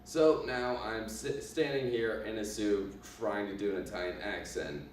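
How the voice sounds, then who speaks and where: A man introducing his class project, talking haltingly and in a self-mocking way, with many fillers. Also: on the low side, slight background noise. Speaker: student presenter. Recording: echoey room from far off.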